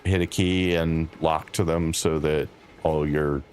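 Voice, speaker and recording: A man's voice: extremely low pitch, a little slow. A man casually chatting with his viewers while playing a game on a live stream. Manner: relaxed, chatty, talks to chat by name.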